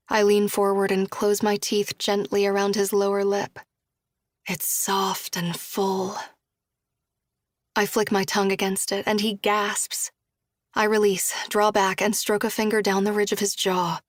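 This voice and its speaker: Soft-spoken woman narrating an audiobook. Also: medium pitch, measured pace, no room sound, clean studio sound. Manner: soft and even, with hushed whispered dialogue. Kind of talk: first-person audiobook narration.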